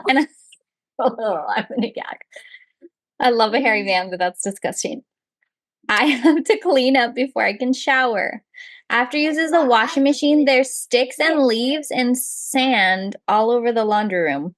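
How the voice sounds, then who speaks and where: A woman's voice: on the high side, no echo. A young woman co-hosting a podcast, reading out a listener's story and reacting in casual chat with frequent laughs. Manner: expressive, laughs often, quick reactions. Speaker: podcast co-host.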